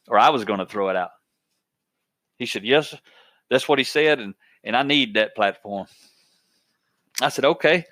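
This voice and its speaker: A man's voice: medium pitch, normal speed, long pauses, a bit bright, no echo. A man hosting a podcast, telling a workplace story in a plainspoken, folksy way, often repeating his words as he goes. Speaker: podcast host.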